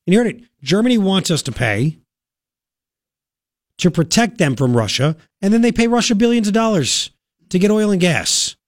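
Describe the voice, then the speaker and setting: A man's voice: sits high, lively intonation, moderate pace, dry recording, clean studio sound. Emphatic male talk radio host. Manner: emphatic, argumentative, talks to the listener directly. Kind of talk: opinionated talk radio commentary.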